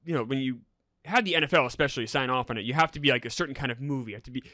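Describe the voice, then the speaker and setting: A man co-hosting a casual movie review chat, a lively storyteller who shares trivia. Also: mid-range voice, rapid-fire, dry recording, clean studio sound. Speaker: podcast co-host.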